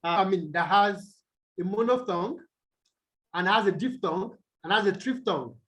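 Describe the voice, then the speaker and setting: A man tutoring students over a video call, explaining slowly and quizzing them as he goes. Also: high-pitched, a bit bright. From Nigeria. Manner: slow, deliberate, quizzes students. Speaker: English tutor. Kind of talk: online tutorial lesson.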